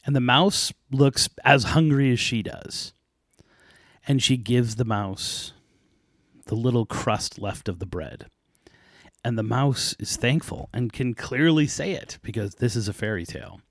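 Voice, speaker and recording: A man hosting a podcast, casually retelling a folk tale with lively asides and light laughs. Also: medium pitch, measured pace, no echo, studio quality. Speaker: podcast host.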